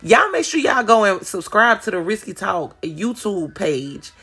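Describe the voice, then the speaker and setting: A woman's voice: mid-range voice, sing-song, unhurried, a bit bright, husky. Profane, rambling woman podcast host. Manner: profane, rambling, blunt storytelling; addresses listeners directly. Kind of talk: casual solo podcast chat.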